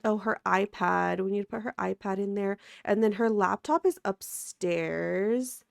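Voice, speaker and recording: A woman's voice: medium pitch, a little slow, vocal fry, dry recording. Woman gaming host, sleepy and under the weather, giggly chatter, dry close mic. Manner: chatty, giggly, talks to viewers. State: sleepy and sick. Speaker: let's play host. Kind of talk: casual gameplay commentary.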